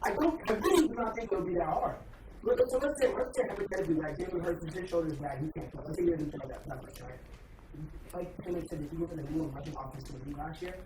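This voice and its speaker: A man debating football and piling up stats to make his case. He sounds set back from the microphone in a reverberant room. Steady background noise sits under his voice. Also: a little high, quick pace. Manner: argues hard with stats. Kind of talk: casual sports debate. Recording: distant echoey mic with noise.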